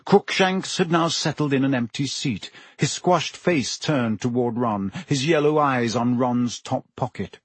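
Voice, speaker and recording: Guy reading a novel aloud, slightly husky, dry close sound. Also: mid-range voice, unhurried, hardly any pauses, dry recording. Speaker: audiobook narrator. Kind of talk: scripted narration.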